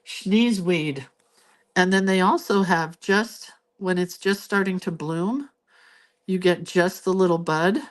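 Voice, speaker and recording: A woman's voice: fairly low pitch, measured pace. A woman hosting a casual live drawing tutorial from her craft desk, filmed on a phone. She chats and thinks aloud as she draws. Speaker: host and doodling teacher. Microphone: phone camera.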